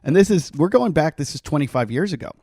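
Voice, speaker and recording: A middle-aged man hosting a podcast, telling a story in a casual, animated way and laughing often. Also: on the high side, fast, no room sound, studio quality. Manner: animated, laughing, acts out quotes. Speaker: podcast host.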